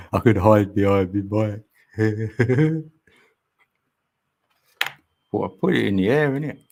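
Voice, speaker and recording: A man's voice: on the low side, slow pace, vocal fry, a little mellow, slight background noise. A man hosting a livestream, chatting casually with viewers and rambling through musings with frequent laughs, on a mic mounted on an arm extension. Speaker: livestream host.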